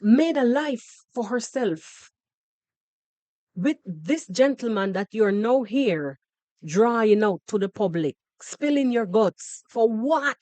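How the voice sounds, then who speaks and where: A woman's voice: medium pitch, sing-song, slow pace, long pauses, a little mellow. A Jamaican woman hosting a podcast, giving sarcastic, scolding reaction commentary on a video and slipping into patois. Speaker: podcast host.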